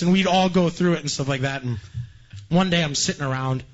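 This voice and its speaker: A man telling a story in a casual chat, animated and laughing often. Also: on the high side, a little fast, lo-fi sound.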